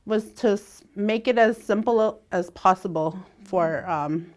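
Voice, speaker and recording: A woman leads a laid-back language lesson at a slow, patient pace. She laughs easily and stretches out each example word so learners can follow. Her pitch sits at an ordinary middle level. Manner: unhurried, laughs often, drawn-out example words. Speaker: language teacher.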